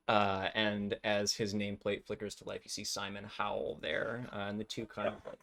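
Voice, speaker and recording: Low-voiced man game master, rambling. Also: flat delivery, a little slow, vocal fry, pauses often, a bit bright, a little hiss or hum. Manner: rambling, full of ums and likes. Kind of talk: narrating a tabletop game.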